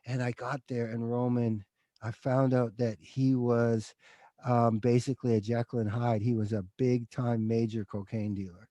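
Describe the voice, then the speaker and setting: A man's voice: mid-range voice, steady tone, normal speed, warm tone, no room sound. Emotional middle-aged man telling his story. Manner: emotional, confessional, says dude often. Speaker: guest. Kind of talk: candid interview storytelling.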